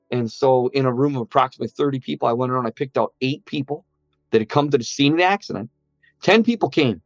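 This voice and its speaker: In a mid-range voice, a man earnestly recounts his near-death experience as personal testimony, quoting and voicing the words of others. The sound has no echo but is muffled, with soft music playing beneath it.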